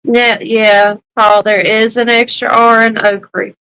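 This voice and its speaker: A woman's voice: on the high side, level tone, pushed and bright, clean tone, no room sound, low-quality recording. A woman co-hosting a casual chat who laughs a lot as she talks. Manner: laughs often, drawn-out speech. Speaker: co-host.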